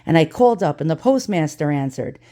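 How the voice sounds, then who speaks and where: A woman's voice: low voice, animated, fairly quick, dark tone. A middle-aged woman vlogger talking in a casual, blunt and profane way, telling a story while she unboxes things. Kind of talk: casual ranting vlog chat.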